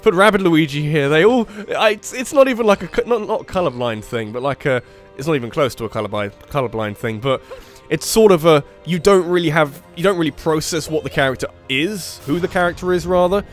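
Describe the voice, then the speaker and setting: Man, sore throat, let's play commentary, rambling, self-correcting, sudden loud outbursts, faint music behind. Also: on the high side, lively intonation, brisk. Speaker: gaming channel host.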